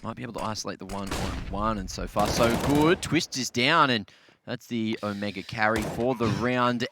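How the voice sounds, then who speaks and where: A man calling fast, excitable play-by-play for an esports match, with game noise behind him. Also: on the low side. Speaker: play-by-play caster. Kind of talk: esports commentary. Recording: noisy broadcast mix.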